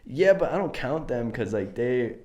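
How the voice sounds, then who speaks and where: A man's voice: mid-range voice, sing-song, normal speed, a loud crowd. Twenties guy co-host, rambly, filler-packed, bouncy intonation. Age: 20s. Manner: rambling, filler-heavy, laughs a lot. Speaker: podcast co-host. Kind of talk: casual chat.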